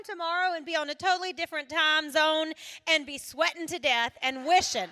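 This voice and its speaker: A woman from South Carolina with a Southern accent, giving an animated testimony talk to a live audience, laughing often and dropping from loud to hushed. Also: high-pitched, fairly quick. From South Carolina, USA. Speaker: singer and speaker at a women's event.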